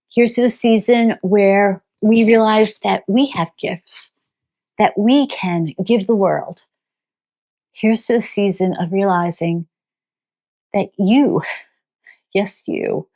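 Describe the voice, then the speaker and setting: A woman vlogger on a farm channel, telling a story in a gentle, heartfelt, reflective way. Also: mid-range voice.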